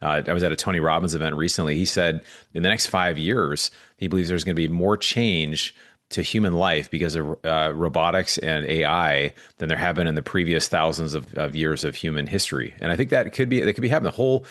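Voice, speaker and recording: Very deep-voiced man in his forties. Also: a little fast, fairly bright tone, no echo, clean studio sound. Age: 40s. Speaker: guest. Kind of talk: casual interview chat.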